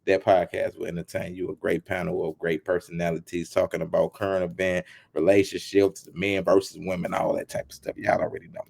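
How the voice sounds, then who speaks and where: With a low, darkish voice, vocal fry, and little pitch movement, a man hosting his channel speaks briskly with few pauses. His animated storytelling mixes teasing jokes with repeated lines and acted-out quotes.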